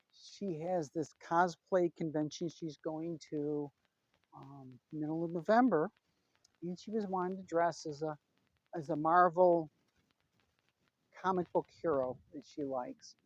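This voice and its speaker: A woman's voice: lowish voice, a little mellow, no echo, muffled recording. Chatty middle-aged woman telling a story. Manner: chatty, retells conversations with lots of "he goes". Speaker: vlogger. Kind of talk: casual personal update.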